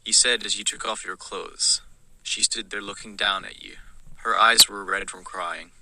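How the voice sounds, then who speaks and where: A man streaming live, reading a generated text game aloud in a steady, flat read-aloud delivery. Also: fairly low pitch, moderate pace, vocal fry, no room sound, low-quality recording. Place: home streaming setup.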